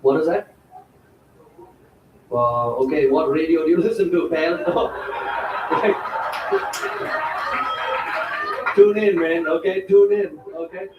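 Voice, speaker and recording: A man's voice: on the high side, normal speed, hardly any pauses, a little hiss or hum, close to an everyday voice. A male stand-up comedian performing a persona in an exaggerated put-on Indian accent on a club stage. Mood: teasing. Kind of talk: stand-up set. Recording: dull, roomy clip from a distance.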